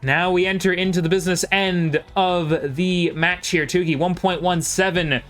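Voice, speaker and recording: A man giving live play-by-play commentary on a video game match, calling each move quickly and chatting with viewers between plays. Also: high voice, steady tone, fairly bright tone, soft background music.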